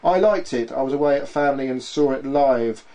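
A man's voice: medium pitch, fairly quick, mellow, poor audio. A man hosting a casual podcast, reading out listener comments in a playful way, often laughing and tripping over names. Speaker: podcast host.

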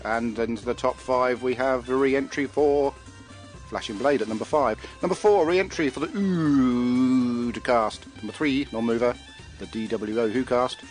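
A man's voice: medium pitch, measured pace, faint music behind, poor audio. A man hosting a casual podcast, reading out a chart, joking and laughing often, and tripping over his words.

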